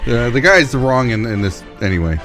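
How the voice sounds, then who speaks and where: A man's voice: medium pitch, sing-song, normal speed, fairly bright tone, soft background music. Laid-back rambling young man co-host. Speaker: podcast co-host. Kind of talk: casual banter.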